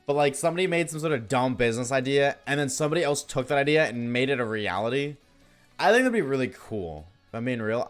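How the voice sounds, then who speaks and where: A tired man streaming a game live, yawning and rambling jokily to his chat. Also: medium pitch. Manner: rambling, jokey, talks to chat. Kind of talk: casual live-stream chat while gaming.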